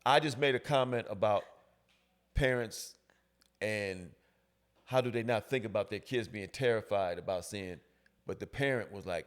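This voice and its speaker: A middle-aged man hosting a casual podcast chat, relaxed and chuckling, often repeating his agreement. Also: on the low side, moderate pace, pauses often. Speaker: podcast host.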